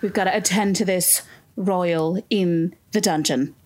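A woman's voice: fairly low pitch, unhurried, a little mellow, voice pushed down, close to an everyday voice. A woman improvising a rambling, bumbling castle kidnapper in a comedy scene, chatty and jumping between ideas. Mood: scheming.

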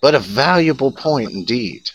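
A man hosting a campfire chat, telling a folksy story slowly with dramatic pauses. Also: mid-range voice, expressive, breathy edge, low-quality recording. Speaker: host.

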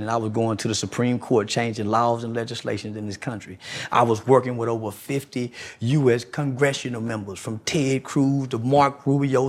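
A man being interviewed who argues in a preachy, confrontational way, hammering the same rhetorical questions again and again. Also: mid-range voice. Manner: mocking impressions in a raised voice. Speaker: guest. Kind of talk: heated podcast interview.

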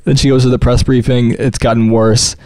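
A man co-hosting a comedy podcast, animated and quick to laugh while he builds on the joke. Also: mid-range voice, no echo. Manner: animated, quick to laugh at his own bits. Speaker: podcast co-host. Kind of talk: casual comedic chat.

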